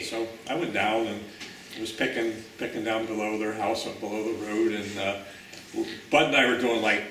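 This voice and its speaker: A man's voice: lowish voice, fairly even intonation, moderate pace. Man telling stories from far off in an echoey room. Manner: rambling, warm storytelling with fillers. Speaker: memorial speaker. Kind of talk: personal remembrance at a luncheon. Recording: distant voice in an echoey room with noise.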